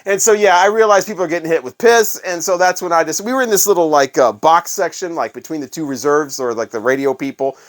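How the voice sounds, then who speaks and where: A man's voice: on the high side, fast talker, few pauses. A middle-aged man casually telling rambling, profane concert stories as host of his own channel. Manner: rambling, profane, animated anecdotes with restarts. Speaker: vinyl collector channel host. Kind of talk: casual storytelling monologue.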